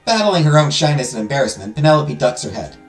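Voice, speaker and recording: A man's voice: on the high side, big pitch swings, fast talker. A man hosting a let's play, reading a visual novel aloud with dramatic storytelling and joking asides. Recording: roomy echo with music behind.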